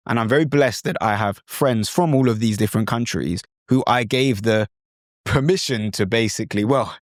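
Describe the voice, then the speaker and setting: Lively British man, dry close sound. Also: medium pitch, dry recording. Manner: lively, demonstrative, slips in and out of mimicked accents. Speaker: podcast host. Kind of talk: instructional podcast talk.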